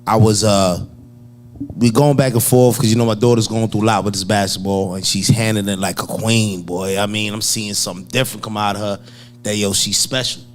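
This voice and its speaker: A middle-aged man, co-hosting a casual talk show and telling a family story with shouts and laughter. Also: fairly low pitch, steady tone, brisk, slight background noise. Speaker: co-host. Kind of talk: casual chat.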